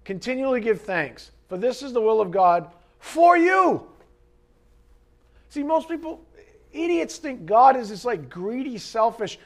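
A male pastor preaching a sermon in an animated, conversational way, joking with the congregation and swinging between loud emphasis and quiet asides. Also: very high-pitched, unhurried.

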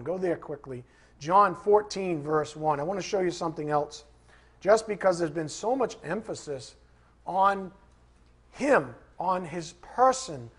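With a high, breathy-edged voice, a pastor preaches emphatically, repeating scripture references and putting questions to his congregation.

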